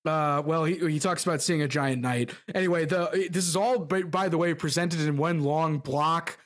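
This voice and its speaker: A man's voice: a little high, normal speed. A man co-hosting a casual book discussion podcast, reading passages aloud with stumbles and restarts. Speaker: podcast co-host.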